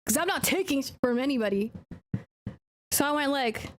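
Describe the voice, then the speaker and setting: A woman's voice: sits high, expressive, normal speed, a little hiss or hum. A woman from Puerto Rico, a streamer telling a story in a chatty, loose and conversational way. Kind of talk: casual storytelling on a livestream.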